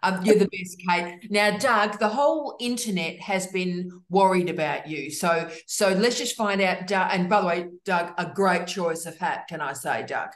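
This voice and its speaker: Effusive woman host, roomy echo. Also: fairly low pitch. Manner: effusive, teasing, fast greetings. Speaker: host of online office hours. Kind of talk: casual video call chat. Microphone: video call.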